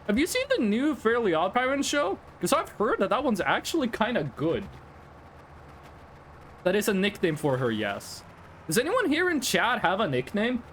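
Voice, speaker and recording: Young Norwegian male streamer, high and animated, rambly and chatty with his viewers. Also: normal speed, a little hiss or hum. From Norway. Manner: rambling, chatty, talks straight to chat. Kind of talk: casual live-stream chat while gaming.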